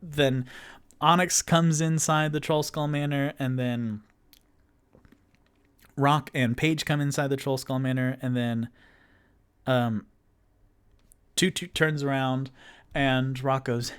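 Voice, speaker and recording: A man's voice: mid-range voice, fairly even intonation, slow pace, long pauses, clean tone. A man narrating a solo tabletop game as game master, meandering with many ums and restarts. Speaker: game master and sole player.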